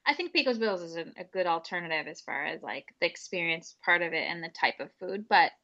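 Bright-voiced chatty woman, lo-fi. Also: on the low side, animated, brisk. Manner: chatty, teasing, laughs often. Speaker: podcast co-host. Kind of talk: casual chat.

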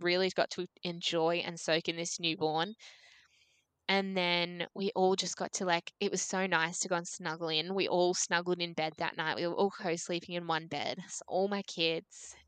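A woman's voice: fairly low pitch, fairly bright tone, smooth, no echo. Aussie woman in her 20s chatting away as a podcast guest, lots of "like", dead dry sound. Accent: Australian. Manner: chatty, full of "like", acts out dialogue. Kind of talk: casual storytelling.

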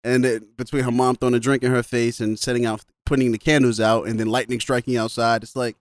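A man's voice: mid-range voice, little pitch movement, fast, dry recording. A man casually recapping a film on a podcast, laughing often and quoting the characters as he goes. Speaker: podcast co-host. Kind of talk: casual movie recap chat.

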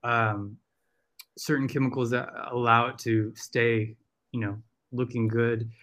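A man's voice: mid-range voice, flat delivery, a little slow, fairly bright tone. A man with a Southern American accent, a podcast guest talking casually and rambling with lots of fillers. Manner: rambling, full of fillers and restarts.

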